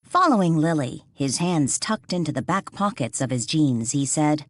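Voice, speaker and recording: A woman narrating an audiobook with expressive storytelling. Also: sits low, normal speed, dry recording, clean studio sound. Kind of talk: scripted narration.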